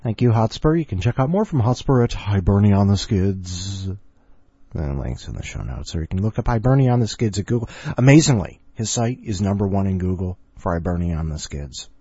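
A man's voice: lowish voice, animated, fairly quick, warm tone, breathy edge, dry recording, muffled recording. A man hosting a podcast and introducing stories in a jokey, rambling way. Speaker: podcast host.

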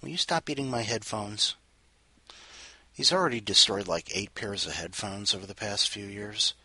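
A man's voice: fairly low pitch, moderate pace, bright, forceful tone, husky, dry recording. A man hosting a casual home show, chatting playfully with his cat between rambling jokes. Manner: rambling, playful, jokey asides. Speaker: podcast host.

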